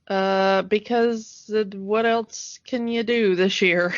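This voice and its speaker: A woman's voice: medium pitch, steady tone, slow, dry recording. A woman co-hosting a nostalgic podcast in casual chat, hesitant and full of fillers. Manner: hesitant, lots of fillers, laughs easily. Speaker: podcast co-host. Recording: dry, dull lo-fi podcast mic.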